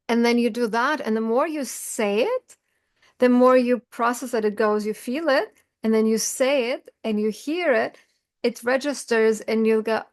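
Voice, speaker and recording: A woman's voice: a little high, normal speed. A middle-aged woman coach talking earnestly to camera about feelings, smiling as she speaks, recorded over a video call. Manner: earnest, warm-hearted, smiling while talking about grief. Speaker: self-help coach. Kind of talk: casual talk to camera.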